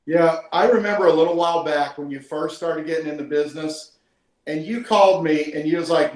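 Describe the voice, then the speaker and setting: A man's voice: on the high side, fairly quick, roomy sound, poor audio. A man hosting a team call, talking in an emotional, earnest way and praising his guest. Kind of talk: heartfelt conversational interview. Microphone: call audio.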